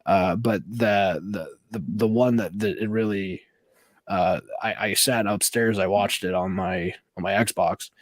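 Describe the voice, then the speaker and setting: A married man co-hosting a podcast, telling a long story with lots of restarts and animated retelling. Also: fairly low pitch, unhurried, no room sound. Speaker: podcast co-host. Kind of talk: casual chat.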